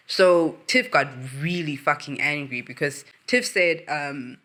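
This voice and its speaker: The host, a woman with a low-sitting voice, rants animatedly about a reality series on her show, cursing without restraint. She talks at normal speed with few pauses, and her delivery swings dramatically.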